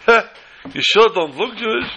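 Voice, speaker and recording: A man's voice: high voice, expressive, moderate pace, gravelly, highs cut off, noisy background, voice pushed up. A man voicing a persistent, sweetly nosy little old lady who asks polite, insistent questions. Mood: politely insistent.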